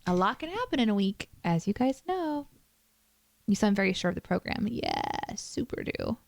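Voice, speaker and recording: A woman's voice: medium pitch, big pitch swings, moderate pace, creaky, dry recording. Woman streamer, casual self-deprecating chat, dry close mic. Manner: chatty, self-deprecating, reads chat aloud.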